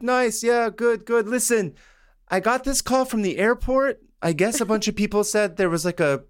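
A man's voice: high-pitched, clear, resonant tone, voice pushed up, natural voice. A man voicing a friendly middle-aged Iranian air force general, chatting breezily on the phone in a comic impression.

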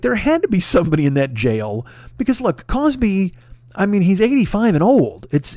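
A man's voice: on the high side, darkish tone, no room sound. A man ranting profanely in a comedic podcast monologue, full of swearing, laughs and restarts. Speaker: podcast host.

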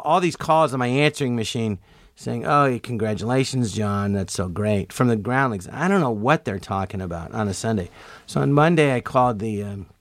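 Middle-aged male comedian guest, animated storyteller, dry close sound. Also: medium pitch, dry recording. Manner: animated, acts out quoted voices. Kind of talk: casual storytelling interview.

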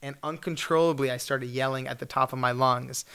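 A man in his twenties telling a story at a fireside chat, animated, acting out the people in it and laughing often. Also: mid-range voice, fairly quick, smooth. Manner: animated, acts out voices, laughs often, shouts in bursts.

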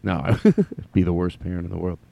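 A man's voice: low voice, sing-song, brisk, vocal fry, warm tone, no echo. A man hosting his podcast, telling stories in a stammering, self-deprecating way. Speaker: podcast host. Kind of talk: rambling comedic monologue.

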